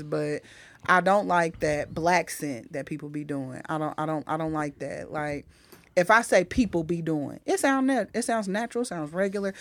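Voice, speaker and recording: A middle-aged woman comedian talking in a casual podcast chat, blunt and animated, swearing freely as she tells stories. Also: fairly low pitch, dry recording. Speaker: comedian guest.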